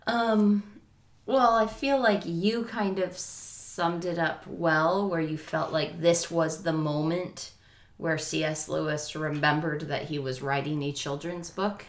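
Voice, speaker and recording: A woman's voice: sits low, steady tone, slow, reverberant. A woman co-hosting a podcast, talking thoughtfully about a book and reading out passages. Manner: thoughtful, corrects and reads out passages. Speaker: podcast co-host. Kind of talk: casual book discussion.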